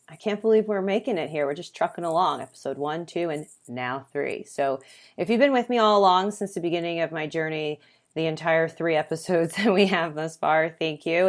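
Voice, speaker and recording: Earnest woman hosting a solo podcast. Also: low-pitched. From United States. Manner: earnest, conversational, with fillers and emphatic lists. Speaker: podcast host.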